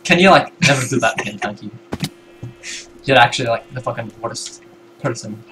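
A young British man streaming a game, excitable and loud, swearing a lot and breaking into yelps. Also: mid-range voice, moderate pace, slight background noise, low-quality recording. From Britain. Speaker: gaming livestreamer. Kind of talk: casual gameplay chat.

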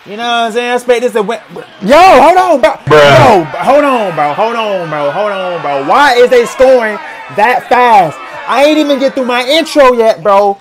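A man reacting live to a football game, excitable, exclaiming and repeating himself. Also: extremely high pitch, moderate pace, crowd noise. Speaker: sports reaction streamer.

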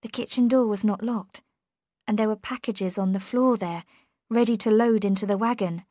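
A woman narrating an audiobook for English learners, reading slowly, carefully and in a measured way. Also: medium pitch, mellow, dry recording, studio quality.

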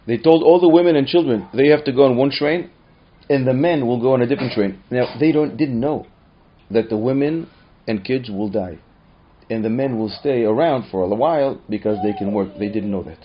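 A man teaching a class as a rabbi, telling stories and acting out whining children in high voices. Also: fairly quick, slight background noise. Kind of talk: storytelling lesson in English. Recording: dull lo-fi sound.

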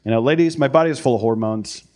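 A man doing a crude, brash stand-up comedy set on a club stage, shouting out the voices he acts out. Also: mid-range voice, fast talker. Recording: live club recording, crowd laughter.

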